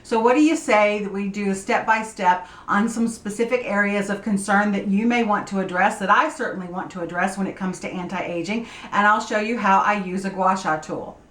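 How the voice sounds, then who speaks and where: A woman in her forties hosting a skincare tutorial vlog, explaining in an upbeat, clear way. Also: mid-range voice, brisk, hardly any pauses, a bit bright, roomy sound. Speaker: beauty vlog host.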